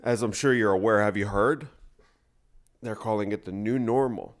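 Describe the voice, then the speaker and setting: A man's voice: lowish voice, normal speed. A man hosting a podcast, talking on his own in a rambling, profane and sarcastic way. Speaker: podcast host. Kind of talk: casual solo podcast monologue.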